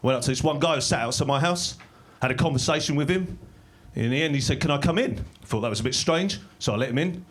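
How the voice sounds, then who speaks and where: A man doing stand-up comedy in a small club, delivering dry, deadpan one-liners that break into sudden shouted bursts. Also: mid-range voice, fast talker, hardly any pauses. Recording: live club recording with audience laughter. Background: crowd laughing.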